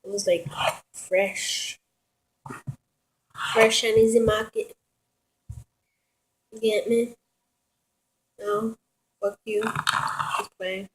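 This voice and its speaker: A woman's voice: fairly high pitch, level tone, drawn-out words, pauses often, slight background noise, low-quality recording. A woman vlogging casually at home in her kitchen, rambling, swearing and giggling as she talks.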